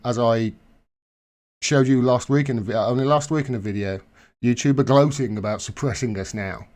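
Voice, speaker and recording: A man hosting a casual live stream, chatting in a rambling way and correcting himself as he goes. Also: medium pitch.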